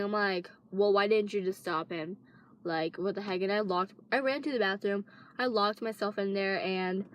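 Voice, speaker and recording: Teen girl doing a storytime vlog, rambly, lots of um and like. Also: mid-range voice. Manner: rambling, many fillers and restarts. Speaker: vlogger. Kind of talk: casual storytime monologue.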